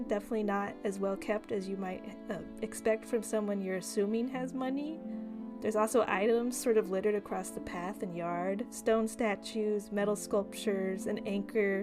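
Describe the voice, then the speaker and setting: Woman narrating a tabletop game. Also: mid-range voice. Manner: measured, descriptive scene-setting. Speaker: game master.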